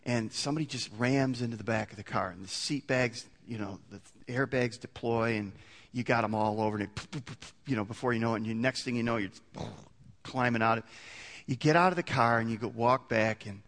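A pastor delivers a sermon conversationally, his medium-pitched, slightly bright voice moving fairly quickly. He often restarts sentences and builds to emphatic peaks, with long hall reverb on the recording.

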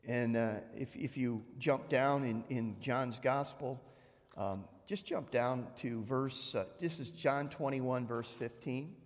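A man's voice: mid-range voice, slow. A male pastor preaching a sermon, retelling scripture conversationally with frequent restarts. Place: church sanctuary. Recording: long church hall reverb.

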